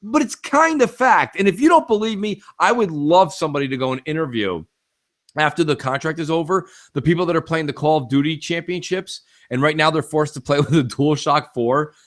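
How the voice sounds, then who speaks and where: Man, slightly high voice, opinionated, emphatic, casual gaming chat. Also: animated, fairly quick. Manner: opinionated, emphatic, repeats "it is what it is". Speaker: podcast co-host.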